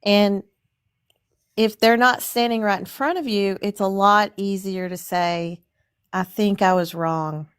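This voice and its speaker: A woman's voice: mid-range voice, fairly even intonation, unhurried, smooth. A middle-aged woman speaking as a guest in a casual conversation, reflective and searching for her words with many fillers. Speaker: stream guest.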